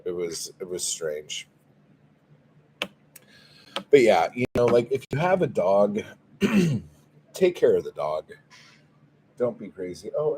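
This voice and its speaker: Casual livestream host, man, lowish voice, profane and fed up, light background hiss. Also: a little mellow. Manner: profane, exasperated storytelling. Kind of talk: casual livestream chat, reading viewer comments.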